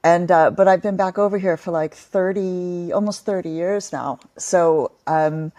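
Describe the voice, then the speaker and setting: A middle-aged woman from England, a comedy writer chatting as a podcast guest, talkative and quick to laugh at herself. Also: on the low side, warm tone. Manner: chatty, laughs often, self-deprecating. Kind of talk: casual podcast interview.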